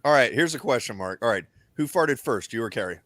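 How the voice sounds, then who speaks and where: A young man hosting a podcast, telling crude stories in profane, animated casual banter on a close mic. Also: mid-range voice, fairly quick, no echo. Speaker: podcast host.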